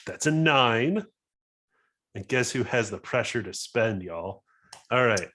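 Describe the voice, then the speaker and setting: A man's voice: medium pitch, animated, takes it slowly, pauses often, a bit bright. A man playing a tabletop game, describing his character's actions in a rambling, casual way. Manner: rambling, filler-heavy. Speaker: player.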